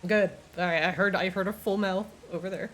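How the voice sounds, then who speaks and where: A woman's voice: mid-range voice, fairly even intonation, fairly quick, fairly bright tone. A woman acting as game master, joking with her players and laughing often before narrating. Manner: laughs often, playful teasing. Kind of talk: casual tabletop game chat and narration.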